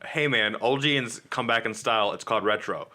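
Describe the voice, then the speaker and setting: A man's voice: medium pitch, a little fast, pushed and bright. A man co-hosting a podcast, casually recapping comic book issues and acting out the characters' lines. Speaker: podcast co-host.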